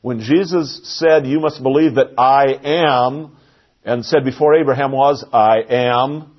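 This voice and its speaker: A man with a mid-range voice preaches a sermon earnestly and emphatically, slowing down to stress key phrases. The recording has its highs cut off.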